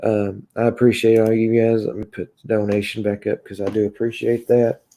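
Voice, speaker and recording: Kentucky man, gravelly low voice, casual halting livestream host answering chat. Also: level tone, mellow. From Kentucky, USA. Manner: halting, heavy with filler sounds and restarts.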